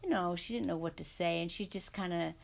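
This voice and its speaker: A woman co-hosting a podcast in casual chat, recounting events in a measured, matter-of-fact way. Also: on the low side, vocal fry. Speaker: podcast co-host.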